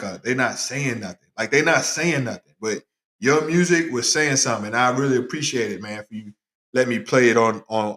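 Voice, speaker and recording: A man hosting a casual sports talk show, talking in an animated way and answering viewers by name. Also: mid-range voice. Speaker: podcast host. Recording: roomy echoey room.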